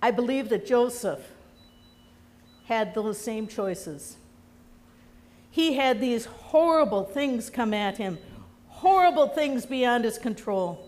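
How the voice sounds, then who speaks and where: Slow-spoken woman pastor preaching. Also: on the high side, lively intonation, darkish tone, long reverb tail. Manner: earnest storytelling. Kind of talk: sermon. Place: church sanctuary.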